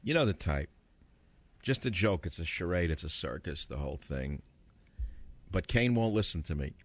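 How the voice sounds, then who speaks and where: A man's voice: low-pitched, animated, moderate pace, dry recording, dull audio. A man hosting a talk radio show, combative and mocking as he rants about the news.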